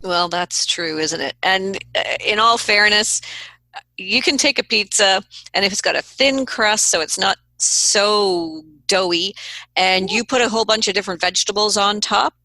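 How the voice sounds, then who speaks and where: Bright-voiced woman radio host. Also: medium pitch, moderate pace, no room sound. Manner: chatty, conversational. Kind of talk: radio interview talk.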